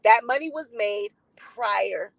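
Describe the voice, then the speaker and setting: A woman's voice: mid-range voice, lively intonation, slow, creaky, dry recording, low-quality recording. A woman hosting a live-stream gossip commentary, blunt and defiant, swearing freely and greeting chat viewers by name.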